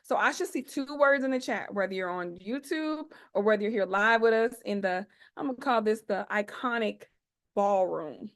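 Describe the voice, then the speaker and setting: A woman's voice: medium pitch, normal speed, a bit bright. A woman in her forties hosting an online expo over a video call. She speaks in a playful, chatty, slangy way and hypes up her audience.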